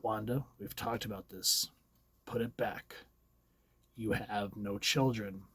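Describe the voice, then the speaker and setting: A man reading comic dialogue aloud as a stern older male telepath mentor, quiet and firm. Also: on the low side, fairly even intonation, slow pace, husky, voice pushed down, full character voice.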